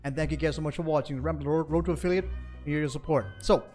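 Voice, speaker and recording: A man's voice: on the high side, fairly even intonation, racing, a little mellow, faint music behind. A man streaming a video game, signing off in a loose, profane, chatty way. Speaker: gaming streamer. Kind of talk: casual stream outro.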